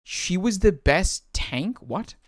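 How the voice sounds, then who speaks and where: Young guy on a livestream, aussie accent w a filipino lilt, kinda high voice, rambly and chatty, dry close sound. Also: lively intonation, slow pace, dry recording. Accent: Australian with a Filipino lilt. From Philippines. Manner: rambling, chatty, answers chat questions aloud. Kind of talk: casual livestream chat.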